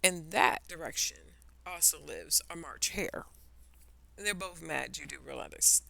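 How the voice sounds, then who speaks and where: A woman voicing a sly, grinning cat in a storybook, slow, soft and teasing. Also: low-pitched, gravelly, full character voice. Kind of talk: children's storybook reading.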